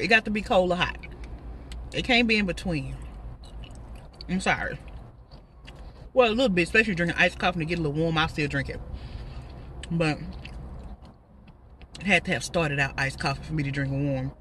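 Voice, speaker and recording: A woman's voice: on the low side, a bit bright, recorded from a distance, a little hiss or hum. A woman in her thirties with a Texas accent, chatting casually and laughing while she eats in her parked car. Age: 30s. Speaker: vlogger. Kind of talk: casual car mukbang chat.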